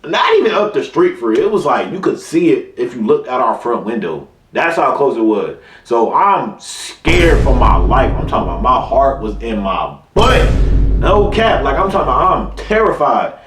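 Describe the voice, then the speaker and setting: A man's voice: medium pitch, very animated, moderate pace, background noise. Laid-back young man telling a story. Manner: laid-back slangy talk, keeps saying "you know what I'm saying". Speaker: vlogger. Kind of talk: casual storytelling. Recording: roomy sound, far from mic, music behind.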